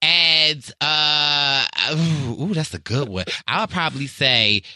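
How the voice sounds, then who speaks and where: A man with a Southern accent, a podcast guest in lively casual chat, theatrical and quick to laugh. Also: on the high side, no echo.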